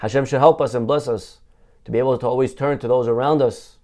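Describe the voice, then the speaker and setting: A rabbi man delivering a Torah lesson sermon in a mid-pitched voice. He talks with animation, firing off rhetorical questions and answering them himself, and he repeats key phrases to drive a point home. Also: fairly even intonation, fast talker, mellow.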